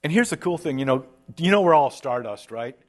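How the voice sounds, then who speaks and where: Casual, animated male preacher. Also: fairly high pitch. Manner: casual and animated, slangy asides like "dude"; voices imagined speakers in quick asides. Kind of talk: sermon.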